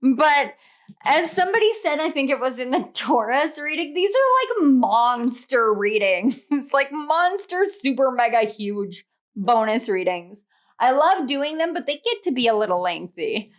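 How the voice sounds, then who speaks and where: A woman's voice: sits high, very animated, normal speed. A young woman giving a casual tarot reading, emotional and gushing, laughing often as she goes. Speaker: tarot reader.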